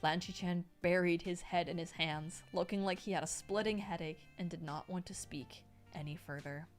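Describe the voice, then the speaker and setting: A young woman streaming herself reading a novel aloud, breaking off to react excitedly, swear freely and thank donors. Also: fairly low pitch, moderate pace, faint music behind.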